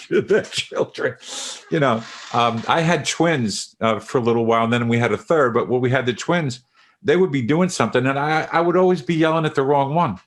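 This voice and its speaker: A middle-aged man hosting a casual podcast conversation, affirming and guiding the talk. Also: mid-range voice. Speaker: podcast host.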